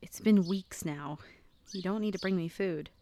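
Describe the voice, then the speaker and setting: A woman acting in an audio drama, gentle and reassuring. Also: on the low side, moderate pace, a little hiss or hum, lightly acted.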